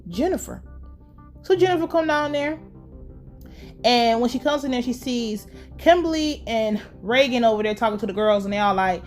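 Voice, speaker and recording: A woman's voice: fairly high pitch, expressive, normal speed, soft background music. Fired-up, profane woman recapping a show. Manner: profane, slangy, fired-up ranting. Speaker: TV show reviewer. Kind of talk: casual episode recap.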